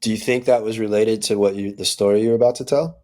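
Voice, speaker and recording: A man with a somewhat low voice co-hosts a podcast in casual chat. He is blunt, swears easily and keeps calling his co-host dude. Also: steady tone, fast, warm tone.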